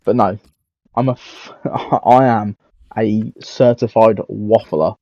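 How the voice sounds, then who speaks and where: A man's voice: on the low side, steady tone, takes it slowly, warm tone, no echo, poor audio. A young man giving casual, rambling, self-mocking commentary on a football career game, swearing freely. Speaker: gaming YouTuber.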